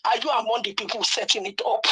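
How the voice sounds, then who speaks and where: Upset woman caller, high bright husky voice, heated pleading delivery. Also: fast, poor audio. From southern Nigeria. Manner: heated, pleading, repeats herself. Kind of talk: impassioned call-in.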